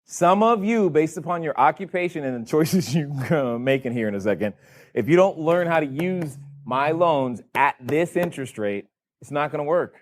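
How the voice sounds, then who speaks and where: A man's voice: on the high side, lively intonation, normal speed. A man running a board game for a live seminar audience, teasing them with playful questions. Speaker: real estate educator running a board game. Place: event room in front of a live audience.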